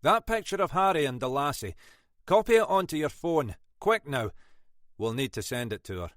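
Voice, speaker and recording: A man reading an audiobook, voicing a shrewd older Scottish detective inspector in a dry, probing, quietly commanding manner. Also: on the high side, sing-song, normal speed, dry recording, pitched above the performer's own voice. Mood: brisk.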